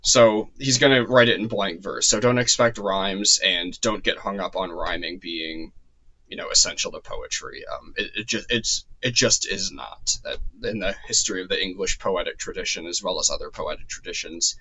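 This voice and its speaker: A man with a low-set but bright, forward voice gives a relaxed spoken lecture. He talks loosely, with frequent ums and self-corrections. His voice sounds slightly worn, as if he is starting to lose it. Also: normal speed, low-quality recording. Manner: loose and chatty, heavy with ums and restarts. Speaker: course lecturer.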